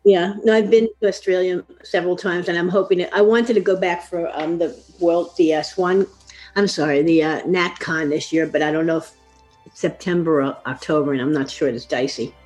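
A woman's voice: fairly low pitch, fairly even intonation, a little fast, a little mellow, faint music behind. An older woman, a fiction editor, chatting as a guest and laughing often, trailing off and restarting her sentences. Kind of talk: casual interview chat. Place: apartment.

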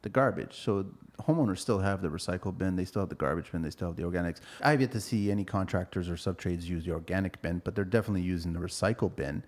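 A man's voice: low-pitched, fast, few pauses. A man hosting a casual podcast chat, joking and sounding out foreign words. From Portugal. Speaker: podcast host.

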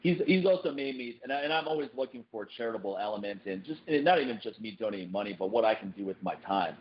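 Fast-talking animated male podcast host. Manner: animated, jumps up in pitch when quoting people. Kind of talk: casual podcast chat. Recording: dull lo-fi podcast recording.

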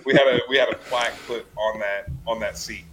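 A man's voice: lowish voice, fairly even intonation, fairly quick, crowd noise, poor audio. A man, a podcast guest, telling rambling stories about bartending in a casual chat. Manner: rambling, laughing storyteller full of "like" and "you know".

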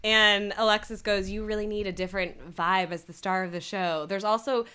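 A woman's voice: medium pitch, normal speed, smooth. A woman co-hosting a podcast, chatting casually and laughing as she recaps a TV episode. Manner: giggly, animated, quotes lines from the show. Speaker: podcast co-host.

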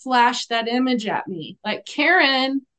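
A woman who works as an animal communicator tells a story as a guest on an interview show, earnest and gentle, acting out the dialogue. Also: fairly high pitch, measured pace. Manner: animated, acts out the dialogue in her stories.

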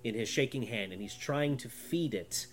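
A man narrating as game master in a relaxed way, with plenty of fillers. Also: medium pitch, normal speed, slight background noise. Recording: background music.

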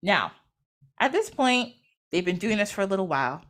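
A woman's voice: medium pitch, big pitch swings, normal speed, fairly bright tone. A woman host telling an old myth in a chatty, casual way, full of fillers and little laughs. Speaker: podcast host.

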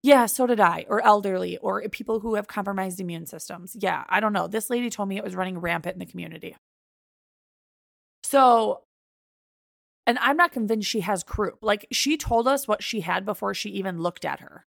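A woman's voice: mid-range voice, normal speed, creaky, no echo, studio quality. A young woman co-hosting a podcast, retelling a story in casual chat and acting out both sides of the quoted dialogue. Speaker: podcast co-host.

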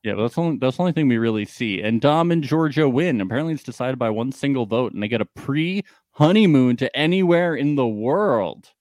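A man's voice: mid-range voice, lively intonation, fairly quick, few pauses, darkish tone, no room sound, studio quality. A man co-hosting a podcast, recapping a reality show in casual chat and often joking. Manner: chatty, joking and laughs often. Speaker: podcast co-host.

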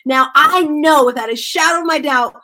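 Effusive woman host, somewhat high voice. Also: moderate pace, bright, forceful tone. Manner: effusive, emotional, candid. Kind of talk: casual interview chat.

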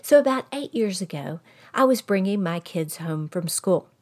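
A middle-aged woman with a Texan accent, a grandmother and podcast host, telling a folksy story straight to her listeners in an animated way. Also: on the low side, moderate pace. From Texas. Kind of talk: storytelling monologue.

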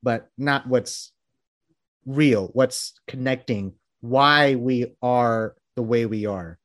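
A man's voice: mid-range voice, takes it slowly, fairly bright tone. A man hosting a casual interview, talking in a rambling, enthusiastic way with many restarts. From Texas. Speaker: interviewer and publication founder.

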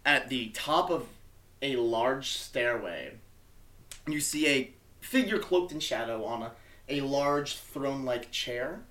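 A man's voice: medium pitch, animated, takes it slowly, a bit bright. Chill guy running a tabletop game, lots of uhs and likes, swears sometimes. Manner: casual, swearing, filler-heavy. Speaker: game master.

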